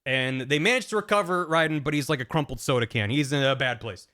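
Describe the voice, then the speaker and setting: A man's voice: medium pitch, fast, bright, forceful tone. A young man streaming a casual plot recap, rambling and chatty with lots of fillers. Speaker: streamer host.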